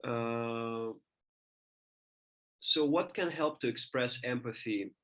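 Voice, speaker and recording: Man lecturing, halting and thoughtful. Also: mid-range voice, pushed and bright. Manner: thinking aloud, many restarts and fillers. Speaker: teacher.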